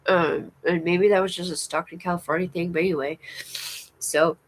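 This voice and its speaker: A woman's voice: lowish voice, steady tone, moderate pace, a little hiss or hum, low-quality recording. Rambling woman on a live stream. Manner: rambling, many fillers and restarts, swears often. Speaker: vlogger.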